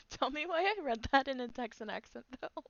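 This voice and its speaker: A woman's voice: sits high, gravelly, no room sound, dull audio. A woman narrating as game master for a tabletop game, chatty and giggly with lots of filler words.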